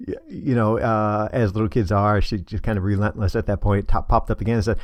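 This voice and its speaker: A middle-aged man tells a story in a casual, rambling way, with a lowish voice and lots of "uh" and "you know." The sound is close and dry, with no room around it. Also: fairly even intonation, a little fast, hardly any pauses, dry recording. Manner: rambling, hesitant, many fillers. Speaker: vlogger.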